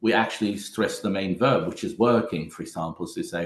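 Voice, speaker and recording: A man with a fairly low voice leads a lesson for teachers. He explains each step patiently and calls his listeners "my friends". The room around him rings with echo. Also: brisk. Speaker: teacher trainer.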